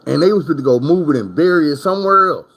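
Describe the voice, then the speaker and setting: A man's voice: on the high side, lively intonation, fast talker, vocal fry, fairly bright tone. A man from Arkansas, telling prison stories in a casual storytime monologue. His talk is profane and rambling, full of asides to the listener.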